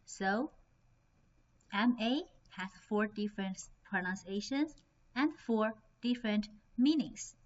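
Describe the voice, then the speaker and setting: A woman's voice: mid-range voice, takes it slowly. A woman teaching a beginner lesson, speaking carefully and demonstrating tones. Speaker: Chinese language teacher. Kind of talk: online language lesson. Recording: slightly dull lo-fi recording.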